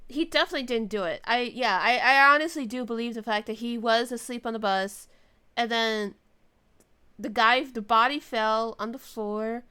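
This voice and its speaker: A woman's voice: a little high, normal speed, pushed and bright, smooth. A young woman streaming a game, chatty and joking, commenting casually between lines. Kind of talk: casual let's-play commentary.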